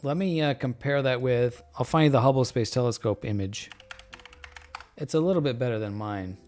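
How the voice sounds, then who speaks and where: A man hosting a casual live stream, talking in a loose, rambling way with many fillers, relaxed and joking, a little tipsy. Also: medium pitch, moderate pace. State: a bit tipsy from beer. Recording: faint music in background.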